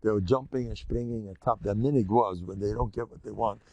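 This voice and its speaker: An older rabbi who gives a Torah lecture in an animated, jokey storytelling way, full of repetitions. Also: male voice, lowish voice, a little fast, no room sound, highs cut off.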